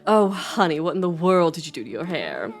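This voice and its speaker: Lady doing a mom voice, scolding but caring, kinda low, faint music behind. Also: sing-song, brisk. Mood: motherly. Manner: warm scolding, motherly. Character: caring but stern mother, teasing.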